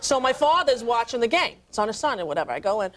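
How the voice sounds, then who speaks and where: A woman in her thirties, a talk show guest, telling comic stories in an animated way and doing voices of the people in them. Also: on the high side, quick pace, soft background music. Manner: animated, does voices of family and stars. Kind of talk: comic storytelling. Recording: archival TV tape, faint hiss.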